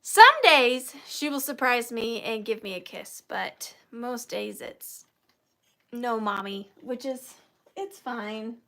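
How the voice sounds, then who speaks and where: A woman's voice: a little high, slow, creaky, fairly bright tone. A woman in her thirties hosting a live vintage sale, chatty and self-deprecating, easily moved to tears. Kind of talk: chatty live-stream selling.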